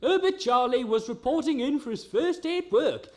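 High-voiced man narrating a comedy. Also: lively intonation, moderate pace. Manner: mock-formal. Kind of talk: comic storybook narration.

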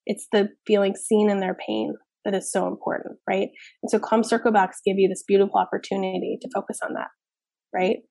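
In a relaxed, frank interview, a thirties-aged child therapist and parenting expert keeps dropping "like" and "you know what I mean". Her medium-pitched voice is dark-toned with vocal fry, flat and a touch fast, recorded without room sound.

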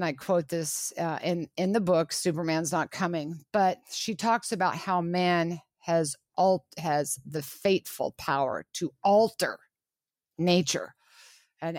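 A woman's voice: fairly low pitch, dry recording, studio quality. A middle-aged woman, a guest on an interview show, speaking earnestly and with emphasis, often restarting her phrases. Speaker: author and guest. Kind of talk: radio interview.

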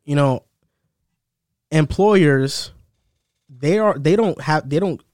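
A young man in casual chat with friends, telling stories about old jobs in a relaxed way, saying "bro" a lot. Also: on the high side, takes it slowly, no room sound, studio quality. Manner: relaxed storytelling, says "bro" often.

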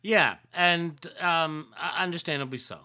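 Slow-talking smooth-voiced man. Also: fairly high pitch, pushed and bright. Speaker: podcast co-host. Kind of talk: casual chat.

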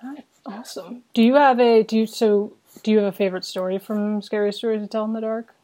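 A woman's voice: medium pitch, fairly even intonation, fast, dark tone. A woman hosting a casual interview, asking upbeat questions and chatting about stories. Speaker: podcast host.

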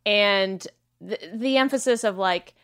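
A woman's voice: mid-range voice, a little slow, fairly bright tone, clear, resonant tone, no echo, clean studio sound. A woman guesting on a podcast in casual chat, candid and wry, swearing freely.

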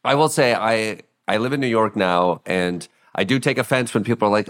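Young man, from the Midwest, co-host, wry and joking, lowish voice. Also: fairly bright tone. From Midwest, USA. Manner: wry, joking, fast riffs. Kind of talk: casual conversation.

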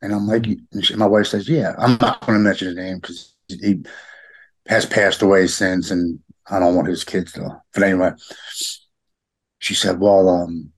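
A middle-aged man with a halting, heartfelt way of talking, often repeating words as he opens up in a personal conversation. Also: deep voice, level tone. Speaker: podcast guest.

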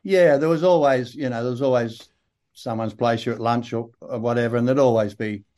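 An older man with a broad Australian accent, telling relaxed, rambling anecdotes with dry humour as an interview guest. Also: medium pitch, a little fast. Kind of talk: casual interview storytelling.

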